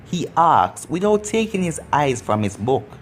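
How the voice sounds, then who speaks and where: A narrator reading a fan story aloud in a plain, even storybook manner. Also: medium pitch, a little slow, a little hiss or hum.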